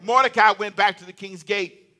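A man preaching a sermon in a lively, conversational way, with comic asides and repeated phrases. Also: sits high, normal speed. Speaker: pastor.

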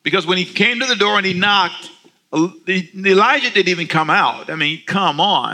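A man preaching on the radio, telling a story with animated delivery and emphatic, repeated phrases. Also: fairly high pitch, normal speed. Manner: animated storytelling with acted-out asides. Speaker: pastor. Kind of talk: radio sermon.

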